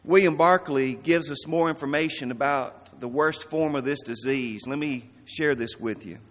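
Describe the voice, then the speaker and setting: A man preaching a sermon in an earnest, emphatic way, letting his voice sink low at key words. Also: moderate pace. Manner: earnest, emphatic, dramatic drops in volume. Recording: long reverb of a large hall.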